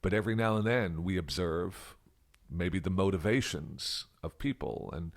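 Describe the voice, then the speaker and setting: A man's voice: low voice, normal speed. An Australian man giving a reflective English grammar lesson, musing aloud and now and then dropping to a whisper to act out example questions. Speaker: English teacher.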